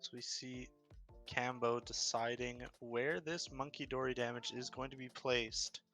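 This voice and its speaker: A man's voice: mid-range voice, little pitch movement, measured pace, creaky, sharp tone, faint music behind. A man casting an online card game tournament, breaking down plays in an upbeat, analytical way. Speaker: esports caster. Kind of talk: casual game commentary.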